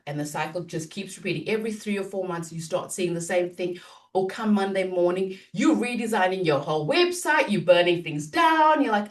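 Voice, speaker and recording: A woman business coach talking in a podcast interview, animated and acting out inner self-talk. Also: medium pitch, moderate pace, recorded from a distance.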